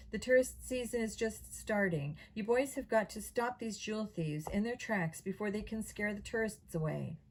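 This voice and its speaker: A woman's voice: mid-range voice, a little mellow, low-quality recording. Woman reading a kids' mystery aloud. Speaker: audiobook reader.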